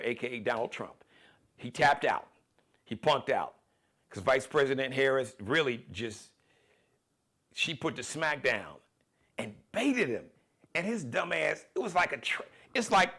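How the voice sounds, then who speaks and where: A man hosting a live talk show, giving animated, slangy, opinionated commentary. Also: mid-range voice.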